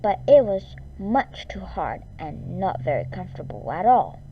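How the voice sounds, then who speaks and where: A woman reads a children's fairy tale aloud at an unhurried pace. Her pitch rises and falls with lively expression, and she drops to a whisper now and then. Her tone is mellow, and the recording sounds dull and lo-fi. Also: faint music behind. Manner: slow, expressive read-aloud with whispered asides. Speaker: storyteller. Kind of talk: children's story reading.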